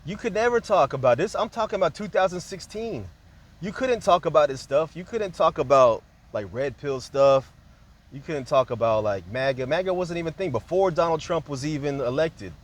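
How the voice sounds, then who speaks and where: A man's voice: fairly high pitch, lively intonation, normal speed. A man talking in a loose, rambling monologue, jumping from point to point and peppering his speech with casual fillers.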